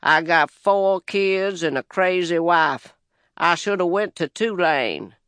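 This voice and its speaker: A self-pitying white farm boss in his thirties, as a male storyteller puts him on. He whines and sulks about his lot, a drinker feeling sorry for himself. The voice sits a little high and comes across smooth and dry. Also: takes it slowly, sharp tone, dry recording, heavily acted. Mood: whining. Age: 30s.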